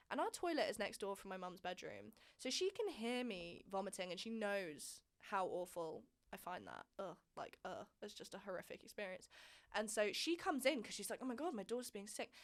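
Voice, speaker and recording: A young woman in her twenties, telling a frank personal story in a candid, chatty way with plenty of swearing and emphasis. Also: medium pitch. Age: 20s. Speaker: vlog host.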